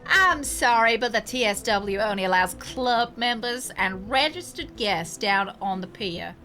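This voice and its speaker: Woman voicing a stiff male harbor guard for a game: officious, slow, bright-toned. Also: fairly high pitch, expressive, soft background music.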